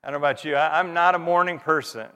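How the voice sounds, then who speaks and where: A man in his thirties preaching a conversational sermon as pastor, with dramatic pauses and gentle self-deprecating humor. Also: on the high side, fairly even intonation, smooth. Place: church sanctuary. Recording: long reverb of a large hall.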